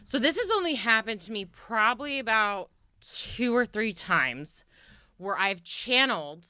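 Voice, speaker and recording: A woman who works as a medium, chatting as a podcast guest and telling lively stories, acting out what spirits say. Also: on the high side, unhurried, smooth, no echo, studio quality. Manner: animated storyteller who acts out spirits' voices. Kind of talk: casual chat.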